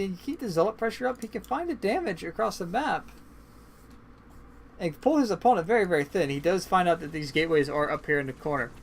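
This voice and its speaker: A man giving casual, chatty play-by-play commentary on a strategy game match, swinging into excited bursts, and sounding tired. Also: fairly high pitch, a little hiss or hum. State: yawning, tired. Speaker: esports caster.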